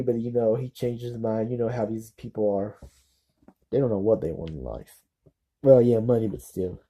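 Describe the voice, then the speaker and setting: Halting man with a very dark voice. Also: mid-range voice, low-quality recording. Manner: halting, apologetic, many restarts and fillers. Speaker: political vlogger. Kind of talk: casual unscripted commentary.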